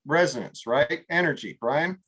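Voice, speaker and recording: A man's voice: on the high side, fairly bright tone, slightly rough. A man from California leading a group coaching call in a casual, rambling way, full of fillers and restarts, a little tired. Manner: rambling, many fillers and restarts, acts out slow drawled examples. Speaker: group mastermind leader.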